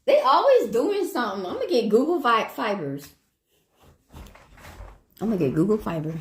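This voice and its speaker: A woman's voice: mid-range voice, big pitch swings, normal speed. Laughing Southern woman chatting on a livestream. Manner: chatty and profane, laughs often, talks to viewers. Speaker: tarot reader hosting a livestream. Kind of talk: casual livestream chat.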